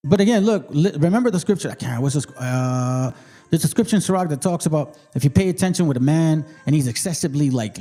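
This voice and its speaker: Middle-aged guy from mexico hyping up his commentary, emphatic and preachy, soft mellow voice, bit of music underneath. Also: on the high side. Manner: emphatic, street-casual preaching. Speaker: channel host. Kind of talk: commentary on a played debate clip.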